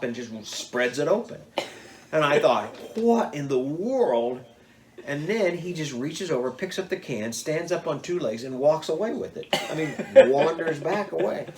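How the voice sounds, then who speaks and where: An older man telling old hunting stories in a lively way, jumping up in pitch when he acts out what people said. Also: moderate pace, slight background noise. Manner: animated, acts out quotes with big pitch jumps. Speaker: storyteller.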